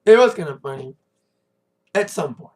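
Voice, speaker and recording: A man's voice: sits high, breathy edge. A man giving a rambling, chatty recap of a wrestling show in a casual monologue, correcting himself as he goes.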